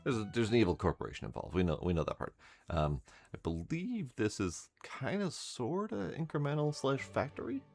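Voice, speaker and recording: A man's voice: mid-range voice, big pitch swings, brisk, gravelly, a little mellow, faint music behind. A man streaming a game, giving wry, mumbly running commentary and reading the on-screen text aloud. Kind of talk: casual gameplay commentary.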